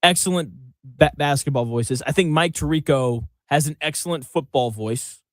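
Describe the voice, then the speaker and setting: Joking radio host, fairly high voice. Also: male voice, no echo. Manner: joking, laughs often, quick asides. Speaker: radio sports talk host. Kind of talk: casual sports radio banter.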